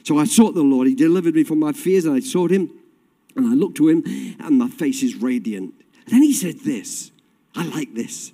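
A man preaching a sermon with passion, swinging from loud cries to quiet, low tones. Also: expressive, normal speed. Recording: long hall reverb.

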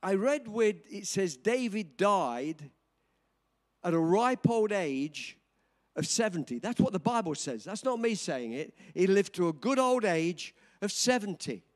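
An older man in his seventies preaching a sermon, telling a story with dramatic swings from quiet to shouting. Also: high-pitched, very animated, a little slow. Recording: long reverb of a large hall.

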